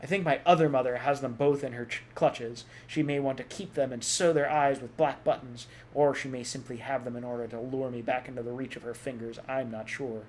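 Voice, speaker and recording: A man's voice: medium pitch, steady tone, fairly quick, few pauses, darkish tone, a little hiss or hum, lightly acted. A man reading aloud and voicing a determined young girl who tries hard to sound grown-up. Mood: earnest. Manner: earnest, trying to sound grown-up.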